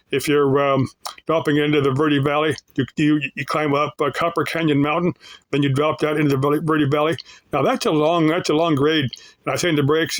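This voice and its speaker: A man's voice: fairly high pitch, fairly bright tone, poor audio. A man talking casually to his viewers in a rambling, folksy way, often restarting his sentences. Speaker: YouTuber answering viewers. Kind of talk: casual off-the-cuff talk.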